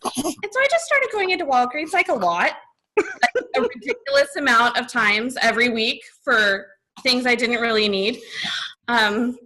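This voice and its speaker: A young woman tells her story on a podcast in a bubbly, giggly way, leaning on "like" as she goes. Her voice sits high and swings widely in pitch. The tone is bright. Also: animated, moderate pace, poor audio. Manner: bubbly, giggly, says "like" a lot. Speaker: podcast guest. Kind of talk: casual storytelling.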